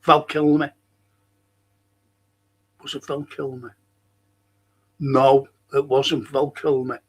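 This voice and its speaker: Slow and level, at a medium pitch, a man hosting a live stream reads out chat comments. His casual talk turns into rambling, chatty stories that keep restarting.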